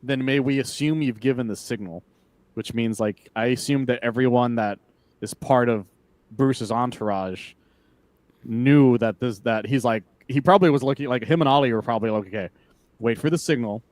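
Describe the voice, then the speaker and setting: A man talking casually on a podcast in a dry, close sound. He is animated and loose, swears freely and acts out bits of dialogue between laughs. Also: mid-range voice, moderate pace, no echo. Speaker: podcast co-host. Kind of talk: casual comic book discussion.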